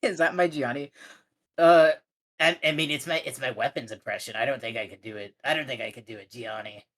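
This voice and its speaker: A woman's voice: rumbling low, brisk, a bit bright. A woman casually chatting while co-playing a visual novel, stammering and restarting often. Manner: rambling, stammering restarts, giggly. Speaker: streamer voicing game characters. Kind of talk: casual let's-play chat.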